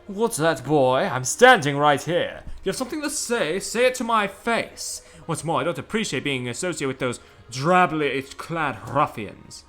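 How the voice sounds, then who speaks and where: A man's voice: on the high side, animated, normal speed, few pauses, fairly bright tone, soft background music, voice pushed up. A man voicing a vain, pompous dandy who is proud of his fine suit, reading game dialogue aloud. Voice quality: haughty, self-admiring.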